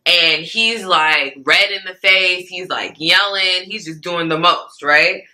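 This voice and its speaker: A young woman with a very bright, sharp voice tells a story as an interview guest. She is animated, acts out what other people said, and keeps checking in with "right?" and "like". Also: on the low side, slow, low-quality recording. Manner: animated, acts out quoted speech, many "like" and "right?" fillers. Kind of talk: casual storytelling.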